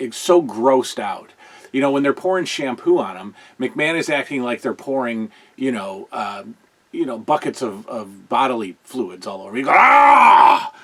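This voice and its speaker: A middle-aged man hosting a podcast, reviewing old wrestling shows in casual, rambling talk. He gets excitable and often restarts his sentences. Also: mid-range voice. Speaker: podcast host.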